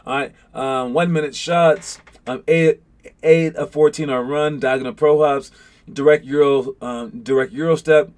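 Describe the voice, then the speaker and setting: A young man talks to his young basketball players in a loose, casual way. His voice sits a little on the high side. He rambles through fillers and gets animated when he retells a scene. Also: a little slow. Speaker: youth basketball coach. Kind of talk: casual motivational talk.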